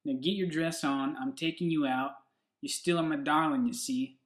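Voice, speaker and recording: A man's voice: fairly high pitch, fairly even intonation, moderate pace, reverberant, lightly acted. A man putting on a folksy Southern country husband. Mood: folksy, affectionate. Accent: put-on Southern US. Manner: folksy, homespun drawl. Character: country man reciting a love poem to his wife.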